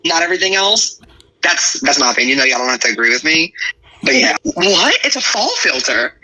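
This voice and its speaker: A man's voice: a little high, very animated, a little fast, pushed and bright, poor audio. A man giving rambling, blunt, profane casual commentary to an online audience.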